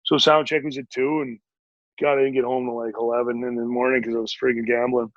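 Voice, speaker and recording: A man in his forties, a retired hockey player and podcast guest, telling a long story in a rambling, animated way with many fillers. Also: medium pitch, fast talker, dry recording, highs cut off. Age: 40s. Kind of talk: casual storytelling in an interview.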